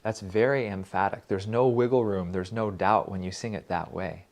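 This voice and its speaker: A man gently teaching about devotional verses, reciting lines slowly and dropping his voice to whispers. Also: on the low side. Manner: slow, gentle, drops to whispers on repeated words. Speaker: spiritual music teacher.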